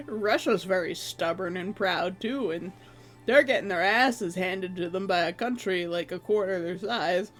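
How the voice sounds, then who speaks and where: Streamer, mid-range pitch; loose, joking, offhand chat with the odd swear. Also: measured pace, a bit bright, soft background music. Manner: rambling, joking, swears casually. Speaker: livestreamer. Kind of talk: casual chat with viewers.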